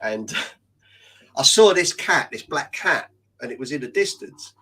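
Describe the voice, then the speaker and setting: A middle-aged British man telling funny stories in casual chat. He talks in an animated way, laughs as he goes and swears freely. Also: mid-range voice, slow, slightly rough, rough recording. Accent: British English.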